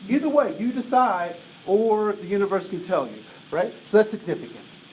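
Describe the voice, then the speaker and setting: A man in his late forties giving an energetic diversity talk to an audience, often asking "right?" to check in with them. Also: high voice, moderate pace. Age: 40s. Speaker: diversity trainer. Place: large room with an audience. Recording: roomy echo, voice from a distance, faint noise.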